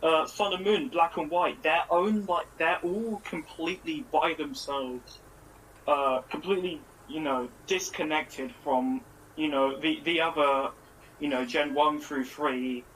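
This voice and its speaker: Co-host on a call: man, slightly high voice, eager, detailed explainer, faint noise. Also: fairly even intonation, fairly bright tone, poor audio. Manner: eager, explains at length, quick. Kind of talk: casual chat about an anime.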